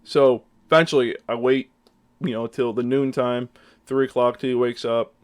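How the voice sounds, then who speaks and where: A man's voice: mid-range voice, level tone, normal speed, clear, resonant tone. A young adult man telling a casual storytime, rambling with many fillers and animatedly acting out his own lines. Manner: rambling, heavy use of fillers. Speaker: storyteller vlogger.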